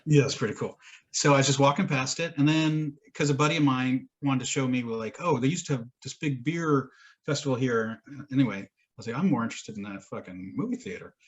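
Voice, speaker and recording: Husky man rambling through a story. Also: medium pitch, a little fast, muffled recording. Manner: rambling storyteller, swears and laughs often. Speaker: podcast co-host. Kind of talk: casual chat.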